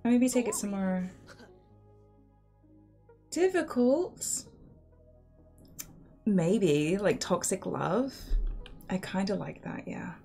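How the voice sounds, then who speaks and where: A woman's voice: mid-range voice, lively intonation, slow, gravelly, long pauses, warm tone, soft background music. A woman streamer chatting in a teasing way as she comments on her life-sim game.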